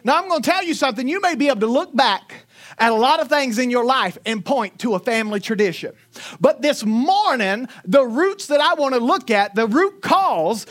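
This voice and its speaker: Woman preacher, Northwest Florida accent, forties, high voice, chatty sermon with jokes. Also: a bit bright. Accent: Northwest Florida Southern. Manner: conversational, joking asides to congregation. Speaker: pastor.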